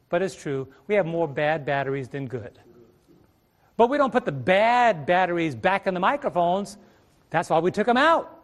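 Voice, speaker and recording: A middle-aged male preacher teaching a Bible study sermon on a ministry stage, asking rhetorical questions and repeating his phrases. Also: sits high.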